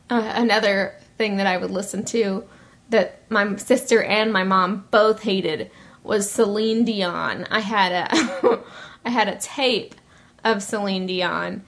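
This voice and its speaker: A woman's voice: mid-range voice, slow pace, a bit bright. A woman in her twenties hosting a solo podcast, chatting casually with rambling asides and frequent laughs. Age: 20s. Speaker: podcast host.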